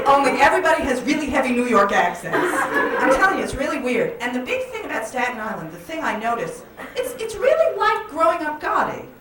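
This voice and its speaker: A woman doing a stand-up comedy set, animated and jokey, in a comedy club with an audience. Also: high-pitched. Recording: echoey club from far off, loud crowd. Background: audience laughter.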